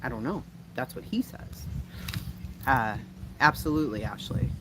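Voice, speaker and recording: Guy on a livestream reading chat, cursing a lot and laughing, mid pitch, noisy audio. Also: expressive, normal speed. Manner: blunt, profane, laughs often. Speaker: livestream host.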